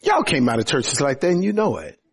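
A pastor preaching with a husky voice that sits a little high for a man. He talks conversationally and with emphasis, swinging between loud, pressing lines and soft, hushed ones. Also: sing-song, brisk. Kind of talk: sermon.

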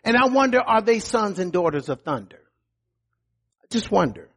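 High-voiced man preaching a sermon. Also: sing-song, normal speed, slightly rough. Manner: emphatic preaching, repeats words, swings between high calls and low quiet lines. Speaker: pastor.

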